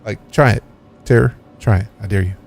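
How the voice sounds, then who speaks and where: A man's voice: on the low side, a little fast, vocal fry, darkish tone, faint music behind. A man live-streaming a game, chatting casually with his viewers and joking around with playful, mock-offended trash talk full of slang.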